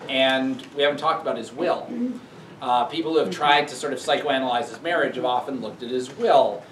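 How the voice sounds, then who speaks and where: A man's voice: mid-range voice, a little fast, a bit bright, a little hiss or hum. A man giving a conversational university lecture, thinking aloud and reading quoted lines with emphasis. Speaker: professor giving a public lecture. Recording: echoey hall recorded from far off.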